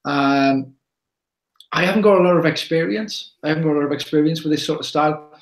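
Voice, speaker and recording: A man's voice: on the high side, brisk. Rambling chatty man, roomy echo. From England. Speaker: podcast co-host. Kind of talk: casual chat.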